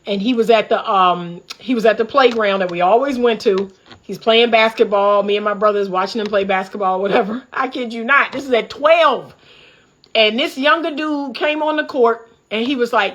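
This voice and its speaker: With a fairly high, slightly bright voice at a moderate pace, a middle-aged woman from the D.C. area runs a livestream commentary monologue. She's a relationship coach and host, and she talks in a fired-up, preachy, candid way.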